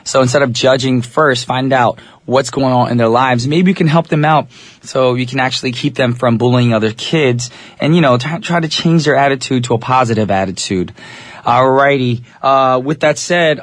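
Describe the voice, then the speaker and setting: A man's voice: mid-range voice, no echo. Easygoing radio DJ man, dry studio sound. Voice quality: a little raspy today. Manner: easygoing, chatty, addresses listeners directly. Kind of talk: English-language radio DJ chat.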